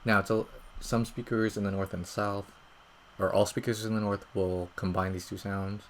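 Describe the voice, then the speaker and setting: A man teaching pronunciation in a calm, methodical way, often checking in with listeners as he explains each sound over slides. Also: lowish voice, normal speed, slight background noise, rough recording. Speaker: language teacher.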